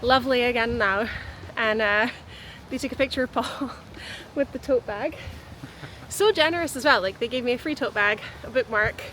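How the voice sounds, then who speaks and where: A woman's voice: fairly high pitch, moderate pace. A woman from Scotland, an author chatting in a casual vlog with a bubbly, chatty manner, recorded on a handheld camera. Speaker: author and vlogger. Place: city streets and a car. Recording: loud street and traffic noise.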